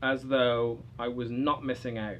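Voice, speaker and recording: A man's voice: mid-range voice, little pitch movement, a little slow, a bit bright, slight background noise, rough recording. A man co-hosting a casual gaming chat, chatty and opinionated, swearing now and then. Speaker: co-host of a gaming channel.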